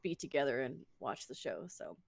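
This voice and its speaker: A woman co-hosting a podcast in casual chat, talkative and quick to laugh at her own slips. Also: rumbling low, expressive, vocal fry, no echo. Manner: chatty, laughs at herself, quick restarts. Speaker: podcast co-host.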